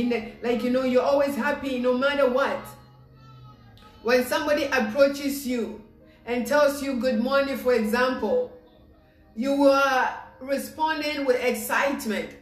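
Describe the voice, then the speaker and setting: A woman preaching an informal devotional sermon, excited and repetitive, acting out the people she quotes. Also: sits high, reverberant.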